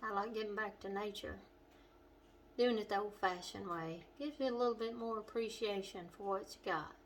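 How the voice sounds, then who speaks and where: A middle-aged woman with a western Kentucky accent, hosting a home cooking demonstration in her kitchen and chatting warmly to the viewer. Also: medium pitch, normal speed, a little hiss or hum. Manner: homey and chatty, talking straight to the viewer. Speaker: cooking show host.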